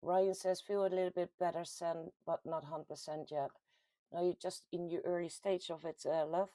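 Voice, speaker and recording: Dutch lady reading chat on her live stream, lowish voice, dry close sound, laughs a lot. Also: little pitch movement, normal speed, warm tone, no echo. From Netherlands. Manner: chatty, laughs often, reads comments aloud. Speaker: livestream host reading chat. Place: at home.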